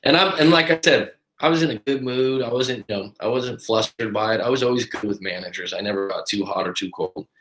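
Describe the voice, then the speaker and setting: Coach type: man, mid pitch, casual and animated storyteller, recorded with a roomy echo. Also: fairly quick, few pauses, a little hiss or hum. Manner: animated, acts out other people's lines. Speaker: breakup coach.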